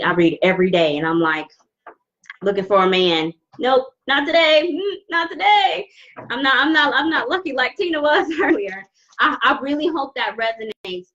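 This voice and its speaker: A woman giving a live tarot reading, talking slowly with many restarts as she holds back tears. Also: medium pitch, dull audio. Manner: warm, emotional, halting with many restarts. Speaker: tarot reader. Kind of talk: live-stream card reading.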